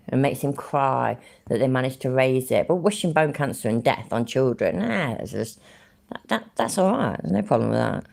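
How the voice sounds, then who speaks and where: A woman's voice: very deep voice, gravelly, a little mellow. A woman giving casual commentary over a livestream, sarcastic and mocking, swearing freely.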